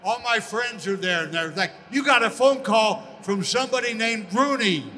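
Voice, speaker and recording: A man's voice: high voice, moderate pace, in a large hall. An older American man, a former pro football player, telling stories as an interview guest and acting out the voices he quotes. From United States. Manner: animated storyteller, acts out quoted voices. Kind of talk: storytelling in a casual interview.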